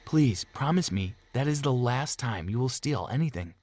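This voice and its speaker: A man doing a calm police officer mother. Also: medium pitch, moderate pace, natural voice. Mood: serious.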